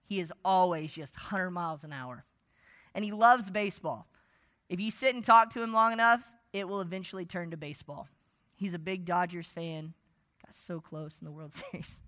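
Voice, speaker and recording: Bright-voiced man preaching with lively storytelling. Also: high voice, normal speed. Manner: animated storytelling, drops to near-whisper for asides. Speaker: pastor. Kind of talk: evening sermon.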